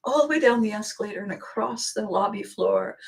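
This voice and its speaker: A woman hosting a podcast, telling a funny personal anecdote in an animated way and laughing often. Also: medium pitch, brisk, vocal fry. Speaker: podcast host. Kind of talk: storytelling anecdote.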